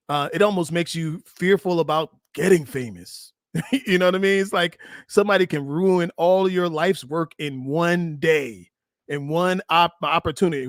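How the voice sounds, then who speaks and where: A man's voice: fairly high pitch, no echo, clean studio sound. A middle-aged man, a relationship coach, commenting on a clip for his viewers in an emphatic, preachy way, often restarting his sentences.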